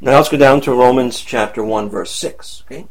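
A man's voice: medium pitch, moderate pace. A man teaching the Bible verse by verse, asking his listeners questions and checking in with "right?" and "okay?" after nearly every point.

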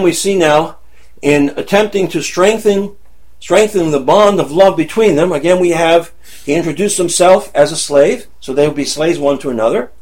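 A man's voice: fairly high pitch, a little mellow. A man teaching the Bible verse by verse, asking his listeners questions and checking in with "right?" and "okay?" after nearly every point.

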